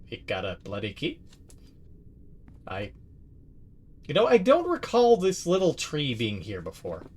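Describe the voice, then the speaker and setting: A man's voice: mid-range voice, wildly swooping pitch, a little slow, darkish tone, breathy edge. A man streaming a video game, chatting casually and swearing freely as he rambles. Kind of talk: casual let's-play commentary.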